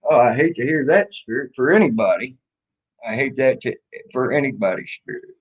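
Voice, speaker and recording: A man's voice: mid-range voice, lively intonation, normal speed, breathy edge. Sarcastic man on a lo-fi stream. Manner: mocking, sarcastic, rambling with restarts. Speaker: livestream host. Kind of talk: casual livestream talk. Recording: dull lo-fi stream audio.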